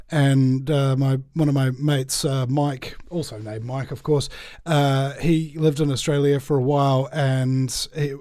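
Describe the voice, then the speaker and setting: A man's voice: medium pitch, warm tone, no room sound, studio quality. Rambling New Zealand man hosting. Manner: rambling, lots of uh fillers and restarts. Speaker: show host. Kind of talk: casual chat.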